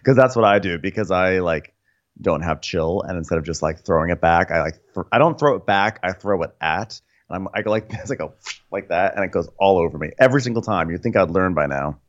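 A man's voice: low-pitched, expressive, a little fast, lo-fi sound. A man co-hosting a comedy podcast, chatting and laughing about himself while recapping a reality show. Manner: laughing, self-mocking, chatty. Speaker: podcast co-host.

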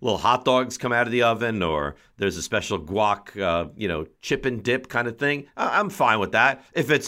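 A man's voice: mid-range voice, expressive, moderate pace, few pauses, pushed and bright. A man hosting a sports talk show, playfully grumpy and emphatic in his complaints. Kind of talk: casual chat.

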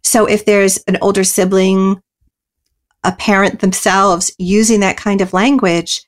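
A woman guest in an interview, explaining parenting ideas earnestly and often pausing with "you know" and "um". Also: mid-range voice, little pitch movement. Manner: earnest and explanatory, many you-knows and ums. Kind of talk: interview answers.

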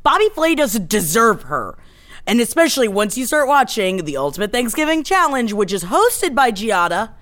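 A young adult woman co-hosting a podcast, chatting in a loud, animated, jokey way. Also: fairly high pitch, moderate pace. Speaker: podcast co-host. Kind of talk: casual chat.

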